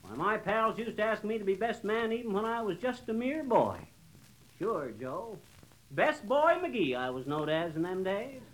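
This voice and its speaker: A man's voice: high-pitched, very animated, moderate pace, slight background noise, rough recording. An actor playing a boastful, blustering middle-aged man in 1940s radio comedy acting, with a brash, wisecracking delivery. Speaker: show lead.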